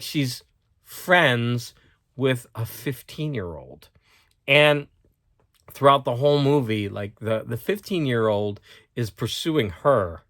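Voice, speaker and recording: A man's voice: mid-range voice, dry recording, studio quality. A man hosting a casual chat about movies and books, rambling along and often restarting his words. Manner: rambling, self-correcting, repeats words. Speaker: host.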